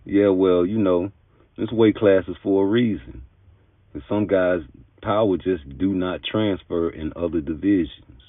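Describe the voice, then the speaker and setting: Deep-voiced man ranting about boxing. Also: a little slow, no echo. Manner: emphatic, argumentative, street-talking. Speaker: boxing commentator. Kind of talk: opinionated commentary monologue. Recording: tinny phone-like dry sound.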